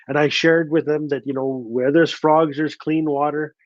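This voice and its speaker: A Canadian author telling stories to an audience in a live talk, repeating key lines for emphasis. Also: male voice, fairly high pitch, flat delivery, moderate pace, hardly any pauses, no echo, muffled recording. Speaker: author and storyteller.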